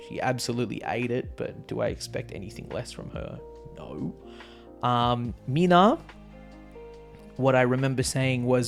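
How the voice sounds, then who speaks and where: A man giving an excitable, slangy concert recap, swearing and laughing as he talks. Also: medium pitch, measured pace, vocal fry, soft background music. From Australia. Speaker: vlogger.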